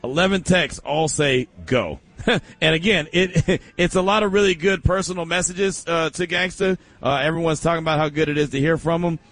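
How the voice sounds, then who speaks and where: Jokey sports radio host, dry sound. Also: male voice, fairly high pitch, a little fast, no echo. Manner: loose, jokey, animated banter. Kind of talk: sports talk show hosting.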